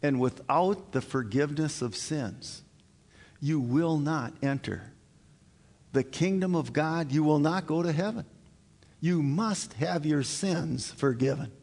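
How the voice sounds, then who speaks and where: A man preaching a communion sermon as pastor, slow and earnest, building to emphatic high points. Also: darkish tone, in a large hall. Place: church sanctuary.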